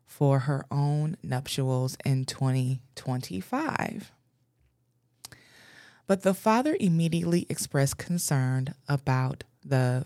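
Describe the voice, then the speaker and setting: A woman's voice: extremely low pitch, darkish tone, no echo, clean studio sound. A woman podcast host frankly commenting on a news story she reads out, laughing often.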